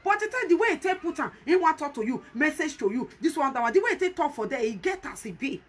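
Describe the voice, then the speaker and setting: Woman, Nigerian Pidgin accent, high voice, emphatic vlog commentary, repeats herself. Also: big pitch swings, quick pace. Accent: Nigerian Pidgin English. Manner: emphatic, repetitive, pleads with viewers. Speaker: vlogger.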